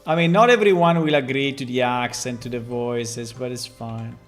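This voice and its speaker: A man who develops a game, chatting casually and thinking aloud on a stream, amused and relaxed. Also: medium pitch, normal speed, soft background music.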